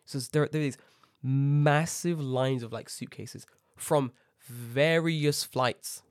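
A man telling an animated, heavily sworn rant about an airport in a casual chat, acting out the people he met. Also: medium pitch, slow pace, no room sound, studio quality. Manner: animated ranting, swears a lot, acts out people.

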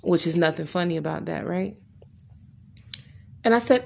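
A woman's voice: fairly low pitch, moderate pace, vocal fry, pauses often. A woman earnestly telling a personal story, retelling conversations in her own words with frequent restarts.

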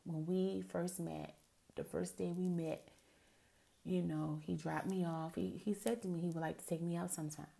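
A woman's voice: fairly low pitch, steady tone, normal speed, gravelly, mellow. A middle-aged woman hosting a podcast alone, telling personal stories in a chatty way, with many asides to her listeners. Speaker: podcast host. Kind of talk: casual solo podcast monologue.

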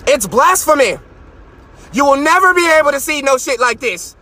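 A man hosting a live stream, ranting in a profane, mocking way from his car and sometimes breaking into shouts. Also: very high-pitched, very animated, moderate pace. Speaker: podcast host.

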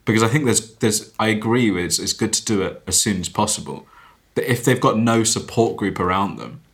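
Sex: male. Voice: low, easygoing podcast co-host. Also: lively intonation, a little fast. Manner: laughing, reasoning aloud. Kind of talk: casual podcast chat.

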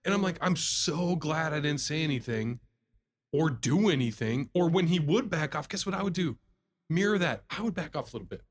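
Male co-host, somewhat high voice, lively storyteller, laughs a lot. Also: fairly quick. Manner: animated storyteller, laughs often, acts out customers. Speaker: podcast co-host, salesman. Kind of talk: casual chat.

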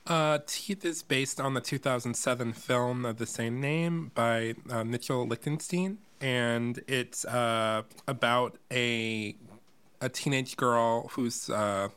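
A man's voice: mid-range voice, takes it slowly, a bit bright, smooth. A man being interviewed on a podcast as a musical theater writer, hesitant and full of filler words.

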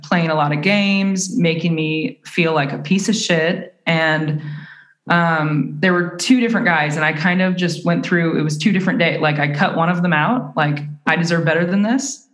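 A woman's voice: low-pitched, steady tone, moderate pace, roomy sound. A woman guest on a podcast telling her story in a casual, earnest and rambling way. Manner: earnest, rambling, many fillers. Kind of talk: casual chat.

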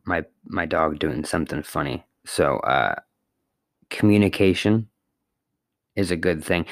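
A man's voice: lowish voice, no echo, studio quality. A man hosting a solo podcast from his apartment, talking in a loose, rambling way with fillers and the odd swear word. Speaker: podcast host. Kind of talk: casual solo podcast monologue.

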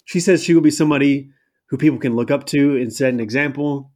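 A man in a casual podcast chat, his voice sitting at an ordinary middle pitch. He rambles with fillers and sounds exasperated, throwing in mocking asides. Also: fast, a little mellow. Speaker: podcast co-host. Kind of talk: casual chat recapping a wrestling show.

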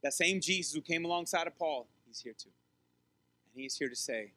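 A man preaching a sermon with emphatic, repetitive phrasing that swings between strong appeals and soft, quiet passages. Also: on the high side, fairly quick. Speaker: pastor.

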